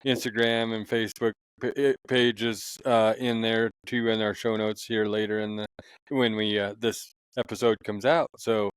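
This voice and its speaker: Podcast host guy, clean smooth voice, dry close sound, laughs a lot. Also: lowish voice, flat delivery, normal speed, no room sound. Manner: laughs easily, gropes for words. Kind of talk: casual chat.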